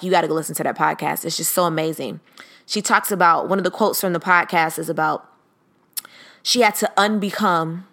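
Her voice sits on the low side and sounds a bit bright. She's a thirtysomething podcast host musing casually on her own, sometimes voicing her inner thoughts aloud.

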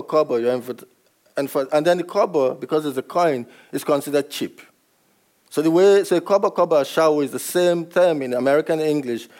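A man's voice: a little high, a little mellow. A man from Nigeria, a novelist, answering audience questions at a book event and often laughing as he explains. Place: event room with a live audience.

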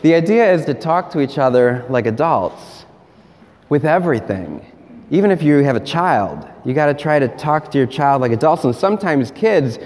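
A man's voice: on the high side, big pitch swings, moderate pace, darkish tone. Male priest, playful interactive preacher, hall reverb. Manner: playful, laughing, coaxing volunteers. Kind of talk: interactive homily with volunteers. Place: large hall with audience.

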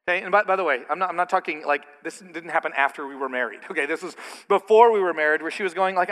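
A middle-aged man preaching a sermon as pastor, animated, slipping into mocking asides. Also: a little high, quick pace. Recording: reverberant hall.

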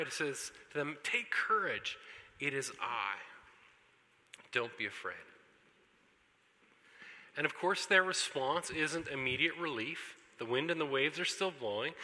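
A man preaching a sermon to a congregation, animated and joking with the listeners. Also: fairly high pitch, normal speed. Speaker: pastor. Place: church hall with congregation. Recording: long hall reverb.

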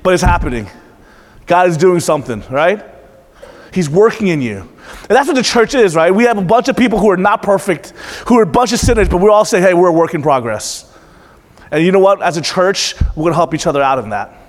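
A man's voice: high-pitched, animated, fairly quick, big-room sound. A pastor in his thirties preaching to a congregation, calling out questions and repeating back the answers with emphasis. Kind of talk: interactive sermon.

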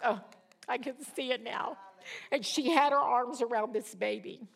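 A woman's voice: fairly high pitch, normal speed, vocal fry, slightly rough. An older woman teaching a Bible study in a sermon style, telling stories animatedly, laughing along, and acting out the voices of the people she quotes. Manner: animated storyteller who acts out quoted voices.

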